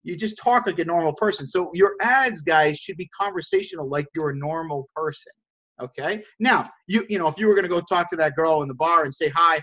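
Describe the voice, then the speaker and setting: A man's voice: on the high side, expressive, fairly quick, sharp tone. A man leading a sales coaching call with his group. He stumbles over and repeats words and keeps checking in with "right?". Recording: dull lo-fi audio.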